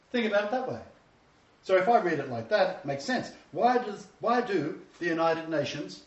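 A man preaching a sermon lecture, emphatic and repeating his key phrases. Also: a little high. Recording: distant, roomy, dull sound.

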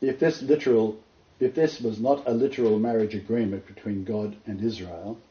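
A man's voice: on the low side, fairly even intonation, normal speed, mellow. Guy preaching and reading bible verses, hammers points home, roomy muffled sound. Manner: emphatic, repeats key points. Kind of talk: sermon with scripture reading. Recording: roomy, dull lo-fi recording.

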